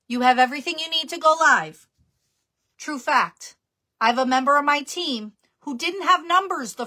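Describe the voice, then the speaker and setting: A woman's voice: high-pitched, sharp tone. A woman from New Jersey with a New Jersey accent, chatting casually and laughing at herself while giving business tips on a live stream. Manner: chatty, laughing, self-deprecating. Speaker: jewelry business guest speaker.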